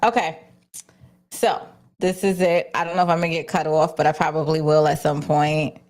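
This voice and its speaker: A woman's voice: deep voice, flat delivery, moderate pace, darkish tone. Blunt, profane woman streamer. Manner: blunt and profane, with frequent restarts. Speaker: host. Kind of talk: casual livestream commentary.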